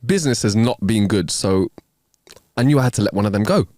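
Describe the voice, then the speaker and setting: A man's voice: fairly low pitch, brisk, dry recording, clean studio sound. A man, co-hosting a podcast, reading jokes aloud and laughing between them. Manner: animated, laughs a lot while reading jokes. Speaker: podcast co-host. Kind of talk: casual joke-telling chat.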